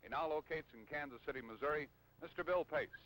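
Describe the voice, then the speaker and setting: A man's voice: fairly high pitch, fast talker. A man hosting a televised bowling show, introducing the players with an upbeat announcer's manner and then calling the play. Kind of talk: TV sports commentary. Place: bowling alley. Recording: noisy old TV broadcast.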